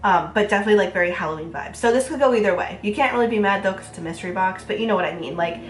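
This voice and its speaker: Nasal from a cold, a young woman with a mid-range voice chats quickly through a makeup review as a beauty vlogger. Her talk is casual and full of fillers, and the audio has a little hiss or hum plus a roomy echo.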